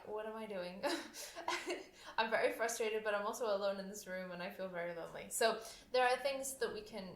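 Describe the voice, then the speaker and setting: A young adult woman hosting a podcast, chatting casually with lots of fillers and restarts, often laughing. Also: medium pitch. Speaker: podcast host and oboist. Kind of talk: casual solo podcast talk. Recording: echoey room.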